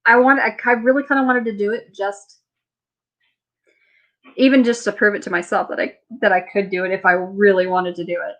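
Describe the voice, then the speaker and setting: A woman's voice: medium pitch, fairly bright tone. Tired, chatty woman hosting a live chat. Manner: chatty, rambling, laughs often. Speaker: livestream host. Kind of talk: casual live chat reading viewer comments. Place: home.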